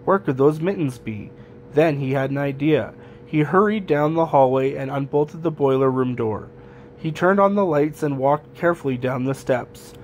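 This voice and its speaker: A man reading a children's picture book aloud in a gentle, even storytelling manner. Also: mid-range voice, moderate pace, slight background noise. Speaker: storybook reader.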